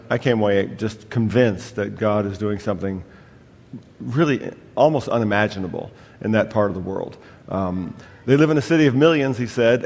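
A man's voice: fairly low pitch, darkish tone. A man preaching a sermon as a pastor, telling a family story with humor and a slight cough. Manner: storytelling with humor, acting out voices in a family anecdote. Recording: long hall reverb.

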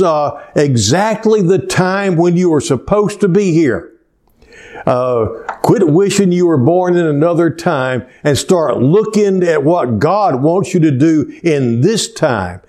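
An older man preaching a sermon in a slow, earnest storytelling way, pausing often with "uh" fillers. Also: fairly high pitch, darkish tone. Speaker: pastor.

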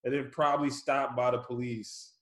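A man in casual chat, telling an animated, profane story and laughing often. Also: mid-range voice, moderate pace, echoey room. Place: his office.

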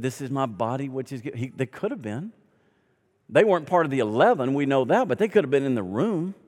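Southern man, pastor, emphatic sermon, mid-range voice, big reverberant sanctuary. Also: medium pitch. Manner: swings from hushed to loud, emphatic preaching. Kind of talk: Easter sermon.

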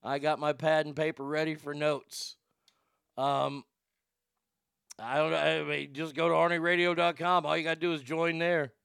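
A man's voice: on the high side, level tone, moderate pace, creaky, a bit bright, clear, resonant tone, no room sound, clean studio sound. A male radio host giving blunt, vulgar, mocking comedic commentary.

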